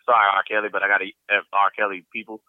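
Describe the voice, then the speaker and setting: A man in his fifties hosting a podcast, telling a crude story in a casual, animated, laughing way. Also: fairly low pitch, no echo. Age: 50s. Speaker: podcast host. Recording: dull, dry lo-fi sound.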